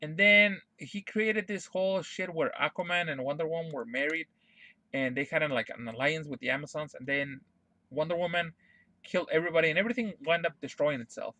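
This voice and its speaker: A man's voice: fairly high pitch, fairly quick, bright, forceful tone. A young man streaming live, ranting to his chat in a heated, exasperated way, swearing a lot and repeating his refusals over and over. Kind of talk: unscripted rant to stream chat.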